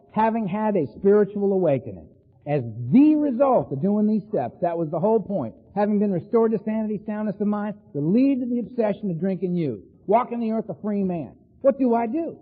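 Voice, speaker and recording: Middle-aged man, high-pitched talker, tinny phone-like sound in a big echoing hall, storyteller at a recovery meeting. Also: brisk. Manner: animated, laughing storyteller, tosses in "right?" and "man". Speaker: AA speaker.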